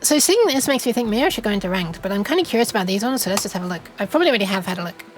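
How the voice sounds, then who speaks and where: A young woman with a medium-pitched, lively voice talks rapid-fire during a casual gaming live stream. She rambles and giggles, often interrupting herself and starting over.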